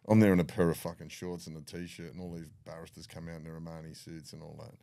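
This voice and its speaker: A man's voice: low voice, level tone, fast talker, gravelly, mellow, no echo. A middle-aged Australian man telling profane, laughing stories as a podcast guest. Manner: profane, laughing yarn-spinner. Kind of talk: casual storytelling.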